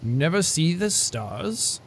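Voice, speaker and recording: A man voicing a serene, wise deer as he reads game dialogue aloud, speaking in a slow, calm, soothing way. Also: on the high side, creaky, full character voice.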